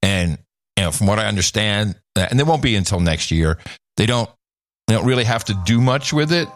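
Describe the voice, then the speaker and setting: A man co-hosting a podcast in casual chat, reacting quickly with laughing asides. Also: lowish voice, expressive, no echo, studio quality. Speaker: podcast co-host.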